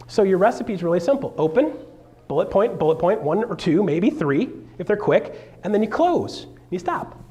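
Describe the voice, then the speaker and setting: Energetic male realtor and seminar speaker, slightly high voice, playful with loud bursts. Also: normal speed. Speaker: realtor giving a seminar talk. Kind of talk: live motivational seminar talk. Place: stage in front of a live audience.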